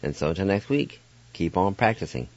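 A man's voice: low voice, expressive, fairly quick, darkish tone. A man hosting a radio language lesson, patiently spelling words letter by letter and pronouncing them. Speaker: radio host teaching language. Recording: dull dry studio sound.

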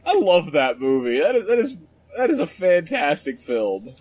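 A man's voice: fairly high pitch, sing-song, moderate pace, darkish tone, husky. A man co-hosting a podcast in casual chat, enthusiastic and rambling. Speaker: podcast co-host.

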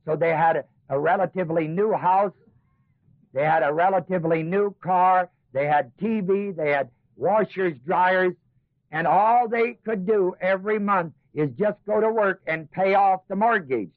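A high-voiced man teaches scripture to a class in a preaching style. He drops into mocking asides, then builds his points with emphasis. The sound is a dry, tinny old tape with no room to it. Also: normal speed, dry recording. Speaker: Bible teacher.

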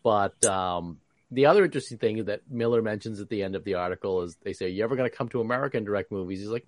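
A man co-hosting a podcast, talking in an animated way with many restarts. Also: lowish voice, very fast, no echo. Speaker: podcast co-host. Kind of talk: casual chat.

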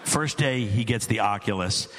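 A middle-aged man telling a stand-up story as an exasperated dad, animated and climbing to near-shouts. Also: fairly low pitch, moderate pace. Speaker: stand-up comedian.

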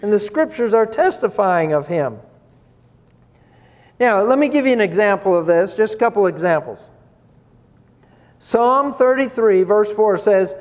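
A man with a very high voice preaches slowly and deliberately. He poses rhetorical questions and chuckles between points, and his voice rings with a long reverb that hangs in a big hall. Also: expressive. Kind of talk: sermon.

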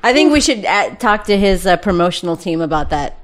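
A woman's voice: medium pitch, very animated, brisk, crowd noise. A woman co-hosting a podcast, giggling and joking playfully in casual banter. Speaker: podcast co-host.

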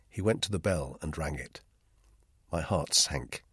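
Deep-voiced man narrating a thriller. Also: measured pace, a bit bright, husky, no room sound, studio quality. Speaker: audiobook narrator. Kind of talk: first-person novel narration.

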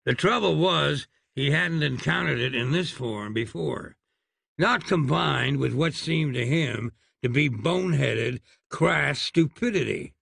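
A man narrating an audiobook in a wry, measured storytelling manner. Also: on the high side, gravelly, a bit bright, breathy edge, dry recording, studio quality.

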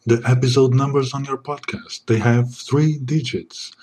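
A man playing a smug secret agent in a comedy sketch, keeping a low, smooth, deadpan voice. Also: unhurried, close to an everyday voice. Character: suave smug male secret agent parody.

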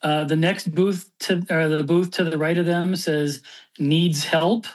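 A podcast co-host slowly pointing out small details in a comic. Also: medium pitch, fairly even intonation. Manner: slow, describing details.

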